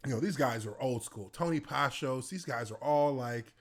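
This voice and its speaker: This man in his thirties, once a professional footballer, spins casual stories with lots of energy, laughing as he acts things out. He has a mid-range voice and a normal pace.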